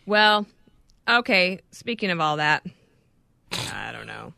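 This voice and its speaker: A woman co-hosting a podcast, chatting casually with quick jokes and asides. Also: lowish voice, big pitch swings, creaky, pushed and bright, no room sound, studio quality. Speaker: podcast co-host. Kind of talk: casual chat.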